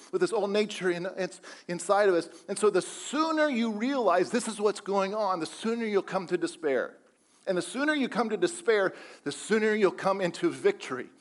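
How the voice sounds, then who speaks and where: Male pastor, high register, emphatic sermon delivery with rhetorical questions. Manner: emphatic preaching with repeated phrases and rhetorical questions.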